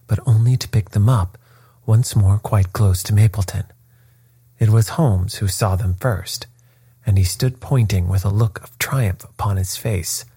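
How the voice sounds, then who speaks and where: Slow, dark-voiced male storyteller. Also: lowish voice, slightly rough, dry recording. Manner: measured, unhurried reading. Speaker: audiobook narrator. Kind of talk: scripted first-person story narration.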